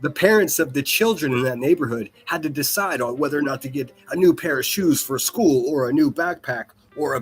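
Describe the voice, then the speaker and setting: A man's voice: on the high side, slightly rough. A man hosting a livestream, ranting in a profane, mocking and rambling way, often repeating himself. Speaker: livestream commentary host.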